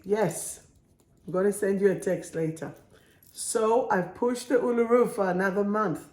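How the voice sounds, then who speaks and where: A woman working as a spiritual coach, reading affirmation cards to viewers in a slow, soothing, affirming way during a live stream. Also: mid-range voice, reverberant.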